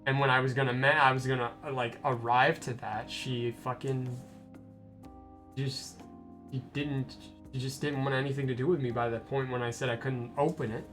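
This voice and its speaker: A man's voice: medium pitch, steady tone, moderate pace, fairly bright tone. Rambling young man telling a work story. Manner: rambling storytelling with restarts and swearing. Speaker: streamer. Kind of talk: casual gameplay stream chat. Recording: stream with faint game music.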